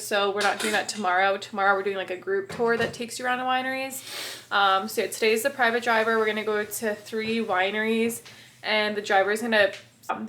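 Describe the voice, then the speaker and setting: A woman's voice: medium pitch, fairly bright tone. A woman vlogging in a chatty, bubbly way and laughing often, filming on a handheld phone while travelling. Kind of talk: casual vlog chat. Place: outdoors and indoors while travelling. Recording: noisy handheld travel footage.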